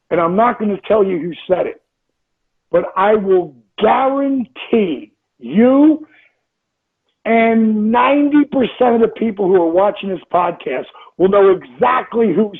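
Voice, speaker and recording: Gravelly, husky man in his sixties, emphatic. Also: high voice. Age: 60s. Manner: emphatic, repeats phrases, acts out inner voices. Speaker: interview guest. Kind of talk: motivational interview talk. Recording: tinny phone-like line.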